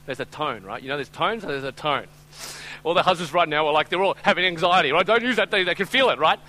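A man preaching a sermon as pastor, telling a story conversationally with "right?" and "I'm telling you", acting out voices and swinging from loud to hushed. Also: fairly high pitch, fast talker, poor audio.

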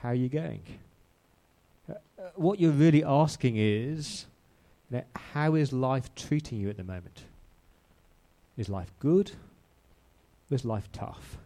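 Guy giving a sermon at church, relaxed warm tone, talks casual, stumbles and repeats a lot. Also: medium pitch, measured pace. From outside Australia. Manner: conversational, rambling with repeats and restarts. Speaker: preacher.

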